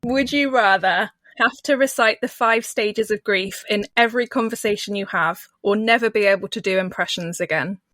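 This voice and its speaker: A woman's voice: mid-range voice, moderate pace, few pauses, a bit bright, no echo, studio quality. A woman with a posh English accent hosting a podcast interview, asking questions and laughing often. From England. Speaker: podcast host. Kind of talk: casual interview.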